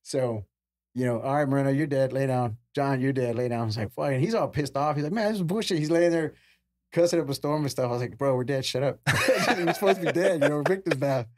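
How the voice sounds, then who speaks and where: A man's voice: medium pitch, fast talker, darkish tone, no room sound, clean studio sound. A man in his forties, a podcast guest, telling firefighting stories in a casual way, acting out other people's lines and swearing freely. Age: 40s. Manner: acts out quoted voices, casual swearing.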